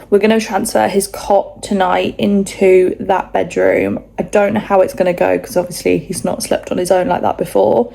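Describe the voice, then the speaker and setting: A woman's voice: lowish voice, vocal fry, mellow. A young woman, chatting casually at home in a rambling, self-mocking vlog. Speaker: vlogger mum.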